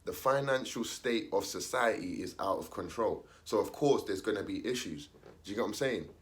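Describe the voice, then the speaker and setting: A man's voice: on the low side, animated, normal speed. A young man, talking casually in street slang, ranting his opinion and acting out the voices of others. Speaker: commentator.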